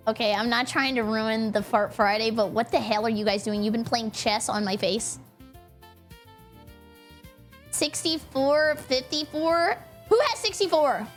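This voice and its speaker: A young woman streamer in casual, rambling chat with her viewers, giggly and excitable. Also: fairly high pitch, measured pace, soft background music. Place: home streaming setup.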